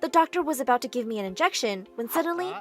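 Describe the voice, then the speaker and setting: A woman narrating a first-person animated story in a brisk, expressive way. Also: high-pitched, soft background music.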